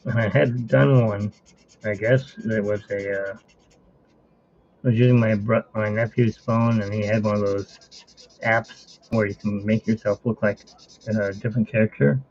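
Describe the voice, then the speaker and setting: A man with a gravelly, husky voice chatting casually as he draws on a live stream, rambling and cutting himself off mid-thought. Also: fairly low pitch, fairly even intonation, a little slow, a little mellow, lo-fi sound, slight background noise. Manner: rambling, self-interrupting. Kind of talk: casual chat while drawing.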